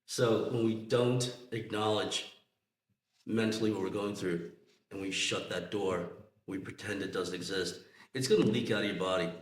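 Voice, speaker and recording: Man, podcast co-host, explanatory, says "right?" a lot, low voice, roomy echo. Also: fairly even intonation, moderate pace. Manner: explanatory, with frequent "right?" and "you know". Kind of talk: casual chat.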